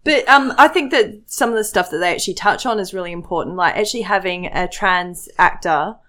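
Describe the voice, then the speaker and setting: Woman, casual podcast chat, chatty, frequent ums, mid pitch. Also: a little fast, fairly bright tone. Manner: chatty, searching for words with ums. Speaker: podcast co-host.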